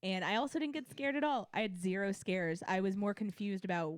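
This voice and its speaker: A woman's voice: mid-range voice, fairly quick, few pauses, no echo, studio quality. A young adult woman co-hosting a casual review chat, talking candidly and with opinions, full of fillers and restarts. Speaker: co-host reviewing theme park events.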